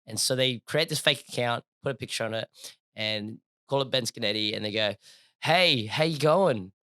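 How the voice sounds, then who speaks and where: A young adult man, a podcast co-host telling a story in casual, slangy chat, animated and laughing as he goes. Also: on the low side, a little fast, clean tone, no room sound, clean studio sound.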